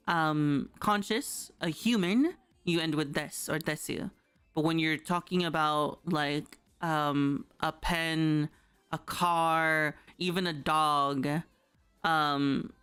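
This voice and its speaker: A woman with a low, smooth and clear voice teaches on a casual livestream. She talks loosely, packing her lines with fillers and a checking "right?". Faint music plays underneath. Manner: chatty, loose, full of fillers and rhetorical "right?". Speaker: streamer teaching Japanese. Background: soft background music.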